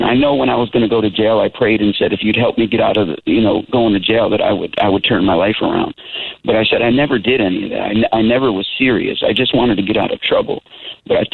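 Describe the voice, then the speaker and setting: Guy in his 30s telling his faith story, low gravelly voice, sounds like a phone line. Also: no room sound. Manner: earnest, emphatic storytelling with "man" and "bro". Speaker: interview guest, Christian rapper. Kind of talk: testimony in casual interview. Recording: tinny phone-like line, dry.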